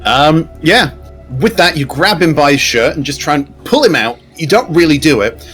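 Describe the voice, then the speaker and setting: A man's voice: on the high side, very animated, normal speed, a bit bright, husky, soft background music. A man running a tabletop game as game master, describing scenes in an easygoing way and asking the players what they do.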